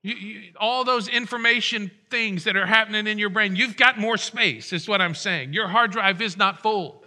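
A man's voice: sits high, moderate pace, pushed and bright. A middle-aged man preaching a sermon as pastor, conversational and joking with his congregation.

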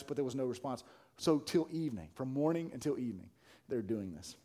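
A male pastor preaching a sermon, casual and colloquial, swinging from hushed talk to shouting. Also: medium pitch, animated, brisk. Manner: colloquial, says "man" and "y'all".

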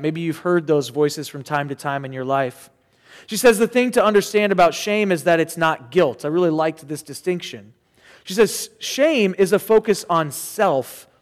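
A man's voice: a little high, long reverb tail. A man preaching a sermon as pastor, earnest and conversational with casual asides, in a church sanctuary.

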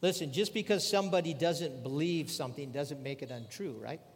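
A man's voice: fairly high pitch, brisk, in a large hall. An older man preaching a sermon in a conversational way, asking his listeners rhetorical questions. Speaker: pastor.

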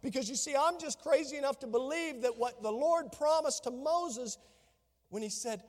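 A male pastor delivers an animated sermon, slipping into the voices of the people in his scripture story. His voice sits very high for a man. The sound carries the long reverb of a church hall. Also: moderate pace. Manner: animated preaching, acts out biblical dialogue.

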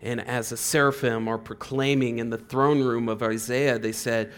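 A man preaching a casual, conversational sermon in a church, full of "like" fillers and rising loud on repeated words. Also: mid-range voice, fairly even intonation, moderate pace, hardly any pauses, smooth. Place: church hall.

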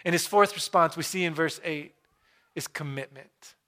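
A man preaching a sermon in church, his voice a touch higher than most men's. He talks earnestly and drops to hushed, drawn-out pauses to make his point. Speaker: pastor. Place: church room.

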